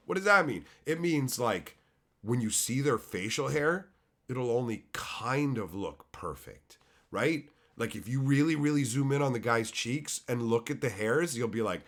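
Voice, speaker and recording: A man's voice: medium pitch, sing-song, measured pace, a bit bright. A man in his thirties from Canada, ranting on his stream with heated sarcasm and constant swearing. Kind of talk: profane ranting.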